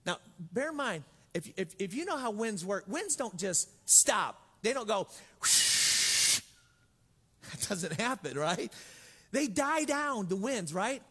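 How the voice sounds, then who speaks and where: A man delivers a sermon with a high voice and a playful storytelling manner, acting out little voices. His voice rings through a large church hall with long reverb. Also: sing-song, measured pace, fairly bright tone, husky. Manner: storytelling, joking, acts out voices. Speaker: pastor.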